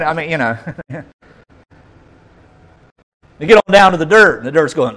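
A male pastor preaching a sermon, reading scripture aloud with dramatic emphasis and dropping to quiet asides. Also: on the high side, very animated, normal speed, pauses often, low-quality recording.

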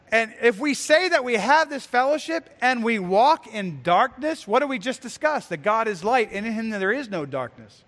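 A man's voice: high-pitched, a bit bright, big-room sound. A male pastor preaching an earnest, emphatic sermon with repeated phrases.

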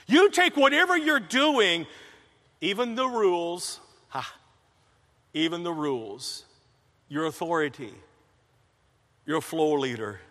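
A man's voice: sits high, sharp tone. A man preaching a sermon in an emphatic way, repeating key phrases and telling personal stories. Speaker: pastor. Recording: long reverb of a large hall.

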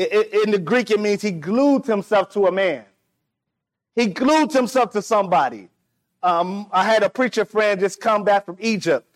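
A man preaching a sermon, reading scripture slowly and building to emphatic, repetitive fervor. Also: sits high.

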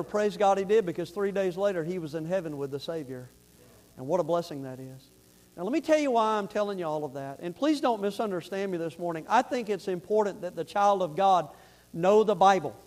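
A pastor delivers his sermon in a notably high voice for a man, telling his story earnestly. His preaching then climbs into fervent, shouted passages. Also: animated, fairly quick.

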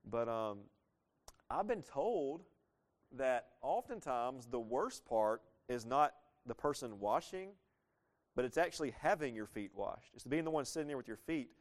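A man preaching a sermon, lively and conversational, asking his listeners questions and acting out the lines he quotes. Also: medium pitch, a little slow. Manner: animated, asks the congregation questions, acts out quoted lines. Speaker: pastor.

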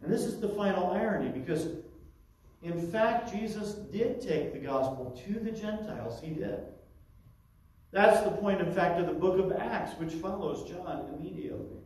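A man's voice: high voice, lively intonation, moderate pace, darkish tone, very echoey, recorded from a distance, low-quality recording. A man preaching an expository sermon, teaching through a Bible passage with frequent asides.

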